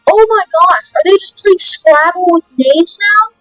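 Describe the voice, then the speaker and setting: A woman's voice: very high voice, unhurried, pushed and bright, dry recording, soft background music, rough recording. A woman hosting a let's play video, reading game text aloud and breaking off for jokey asides. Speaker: gaming video host.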